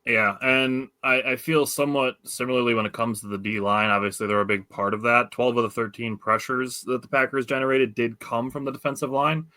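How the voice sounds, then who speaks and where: A man's voice: mid-range voice, fairly even intonation, a little fast, hardly any pauses, pushed and bright, no echo. A man with a Wisconsin accent hosting a casual sports podcast, talking loosely with lots of fillers. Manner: loose, filler-heavy, enthusiastic. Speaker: podcast host.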